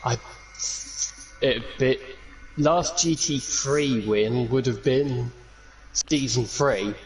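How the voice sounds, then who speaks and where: A man who has just won a race, out of breath and excitable, who repeats words as he talks. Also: mid-range voice, very slow, soft background music, poor audio. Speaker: winning racing driver interviewed.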